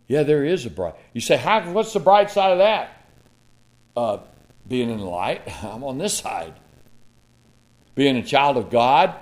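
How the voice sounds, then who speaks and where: A man preaching a sermon, reading King James scripture with dramatic swings from loud to hushed and breaking into folksy asides with chuckles. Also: medium pitch.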